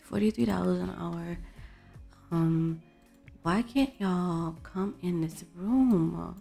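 Gravelly-voiced woman narrating her gameplay. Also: lowish voice, takes it slowly, dark tone. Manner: chatty, talks to game characters, exclaims. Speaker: let's play host. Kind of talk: casual gameplay commentary. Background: faint background music.

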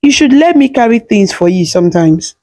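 Storybook role: woman voicing an affectionate young husband, soft-spoken, mellow. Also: fairly high pitch, animated, a little fast. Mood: gentle. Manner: soft, gentle.

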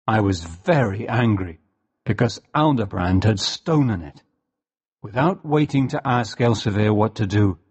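Slow, low-voiced male story narrator. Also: a little mellow. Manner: slow and clear, for language learners. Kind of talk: graded-reader story narration.

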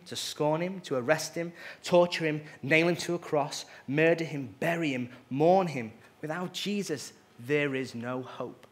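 A man preaching a sermon, earnest and emphatic, with casual conversational asides. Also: on the high side. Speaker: pastor.

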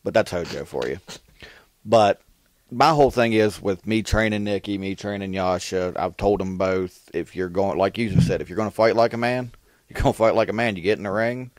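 A man's voice: on the low side, fairly quick, no room sound. A man, a wrestler guest on a podcast, telling ring stories bluntly and with plenty of swearing. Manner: blunt, profane storytelling. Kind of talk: casual interview chat.

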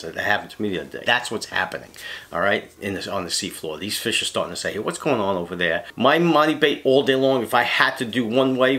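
Blunt man with a bright, forceful voice. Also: lowish voice. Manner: blunt, says "all right?" after nearly every point. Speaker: fishing guide. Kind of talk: casual how-to demonstration.

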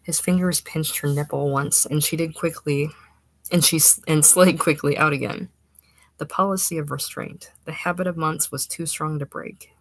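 A woman reading a literary short story aloud in a measured, expressive way. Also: sits low, slightly rough, no echo, rough recording. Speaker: narrator.

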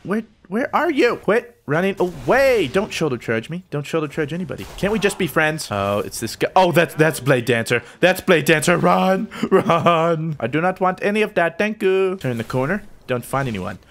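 A man giving excitable live gameplay commentary, joking and trash-talking opponents as he plays. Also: a little high, moderate pace, hardly any pauses. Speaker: gaming channel host.

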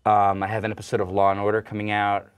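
A young man with a very low voice talks easily through an interview. He tells his stories in a relaxed way and jokes at his own expense. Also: fast, smooth. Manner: relaxed, joking storyteller. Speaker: actor and guest. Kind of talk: casual interview chat.

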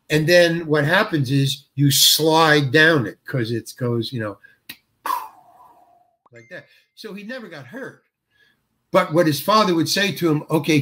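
An older actor, interviewed, tells a story haltingly, restarting often and acting out quotes. His voice sits on the high side with a fairly bright tone.

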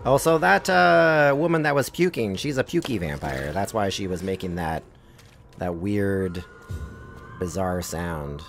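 A man streaming a game live, chatting casually and reacting loudly to what happens on screen. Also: low-pitched, lively intonation, unhurried. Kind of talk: live gameplay commentary. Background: game music.

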